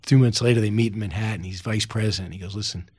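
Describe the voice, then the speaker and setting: Animated man telling a story, dry sound. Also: fairly low pitch, quick pace, husky, no room sound. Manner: energetic, acts out quoted speech in the story. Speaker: author guest. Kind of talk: animated storytelling in a podcast interview.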